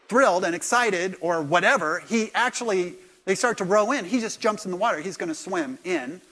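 A middle-aged man delivers a sermon as a pastor. His voice sits a little high for a man. He tells stories, dropping to a hush and then rising loud and animated. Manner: storytelling with swings from hushed to loud.

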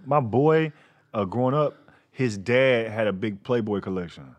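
A man telling stories in casual comedic chat, slangy and animated, acting out quoted lines. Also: medium pitch, unhurried.

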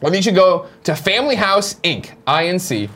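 A man hosting a casual morning chat show, running through plugs and announcements in a lively, jokey way. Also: high voice, fairly quick.

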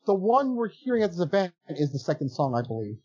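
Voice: mid-range voice, big pitch swings, fast talker, darkish tone, slightly rough. Podcast cohost, dry wry comments, voice swings up and down, kinda muffled. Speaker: podcast co-host. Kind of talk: casual chat.

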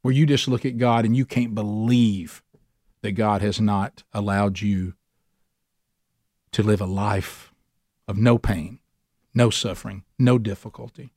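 A man teaching a men's Bible study, preaching emphatically, slowing down to stress points and speeding up when fired up. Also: fairly low pitch, fairly even intonation, darkish tone, dry recording, studio quality.

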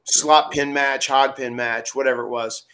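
A man's voice: mid-range voice, moderate pace, a little hiss or hum. A middle-aged man casually telling stories on a podcast, acting out quotes and laughing often. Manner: animated, acts out quotes loudly, laughs often. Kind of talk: casual storytelling.

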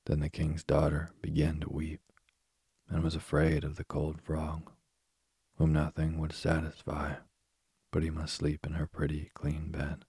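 A man reading a fairy tale aloud at a slow, even pace. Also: extremely low pitch, gravelly, slightly rough, no echo. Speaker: narrator. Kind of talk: storybook reading.

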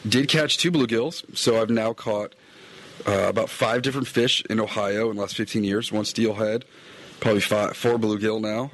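Recorded outdoors, a middle-aged fly-fishing podcaster and guide gives a casual, rambling recap of his day, chatty and meandering, correcting himself as he goes. His voice is fairly low, with fairly even intonation at a normal speed.

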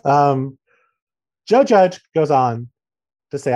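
Sardonic man with a mellow voice. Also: medium pitch, sing-song, moderate pace, gravelly, husky. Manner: incredulous, sardonic, reads out quotes. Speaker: podcast host. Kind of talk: casual podcast chat.

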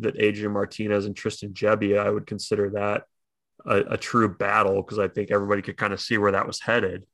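Casting note: lowish, bright male co-host, dry close sound, loose chatty delivery. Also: no echo. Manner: chatty, laughs easily, many restarts. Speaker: sports talk co-host. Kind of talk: casual sports chat.

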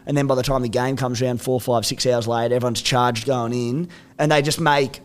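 A man's voice: medium pitch, fairly even intonation, brisk, slight background noise. A man co-hosting a sports podcast, telling stories with animation and laughing at his own tales. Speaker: podcast co-host. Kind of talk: casual sports podcast chat. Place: podcast studio.

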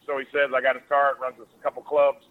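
A man's voice: mid-range voice, completely flat delivery. A man in his forties from Ohio, a radio host telling a rambling story in a casual way. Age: 40s. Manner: rapid, rambling anecdotes with quoted asides. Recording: tinny phone-like radio sound.

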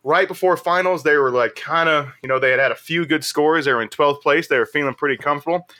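A man's voice: on the high side, fast. A man co-hosting a podcast, telling a rowdy, profane anecdote in casual banter. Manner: profane, animated storyteller. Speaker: podcast co-host.

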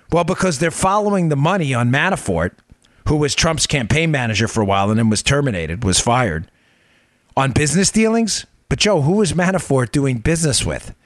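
A man's voice: mid-range voice, no room sound. A male podcast host giving political commentary, talking emphatically, firing rhetorical questions and speaking straight to his listeners.

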